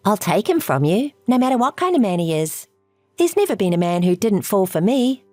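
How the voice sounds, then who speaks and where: Like a texting-story voice-over, a woman voices a scheming, selfish wife-stealer who taunts and gloats, her pitch swinging widely and vividly. She speaks a little fast, close to an everyday voice, in a dry, close recording with no room sound and soft music underneath.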